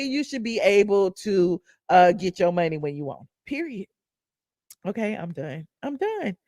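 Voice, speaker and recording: A Southern American woman hosting a live commentary stream, worked up and blunt. She swears freely, repeats herself for emphasis, and keeps hammering her points. Her voice is mid-pitched and the sound is close and dry. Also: no echo. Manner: heated, profane, emphatic, with repetitions. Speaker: YouTube commentary host.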